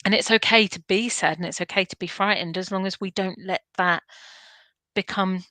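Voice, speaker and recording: A woman's voice: medium pitch, fairly even intonation, normal speed, bright, forceful tone, dry recording. A woman in an informal interview, speaking earnestly and animatedly about self-care, with frequent restarts and laughs. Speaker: guest, veterinary nurse and canine behaviourist.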